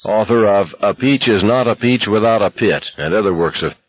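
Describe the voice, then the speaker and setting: A man voices a sardonic young man full of crude jokes and mock speeches. The voice rises a little above the reader's low, husky tone, on a slightly muffled recording. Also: moderate pace, dry recording, natural voice. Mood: joking. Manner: wisecracking, mocking.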